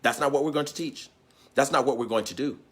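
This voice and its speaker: A man preaching an impassioned sermon. He drives home repeated refrains and calls out to the crowd, often rising to a shout. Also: mid-range voice, fast talker, slightly rough. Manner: call-and-response, repeated refrains, swings into shouting. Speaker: teacher and preacher.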